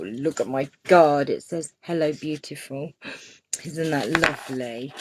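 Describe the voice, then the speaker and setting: A woman's voice: sits low, background noise. Chatty woman on a craft live stream. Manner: chatty, greets viewers by name, gushes over gifts. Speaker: crafting channel host. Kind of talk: casual live-stream chat.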